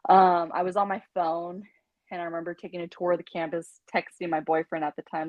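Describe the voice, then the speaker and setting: Animated woman telling her story, muffled. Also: on the low side, fairly quick, no room sound. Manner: animated, laughing, acts out quotes. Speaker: podcast guest. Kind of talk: candid storytelling. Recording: dull lo-fi dry sound.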